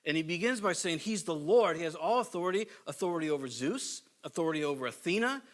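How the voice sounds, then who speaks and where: A man's voice: on the high side, lively intonation, fast talker. A middle-aged male pastor preaching a sermon in a conversational, storytelling way, acting out the quotes he tells.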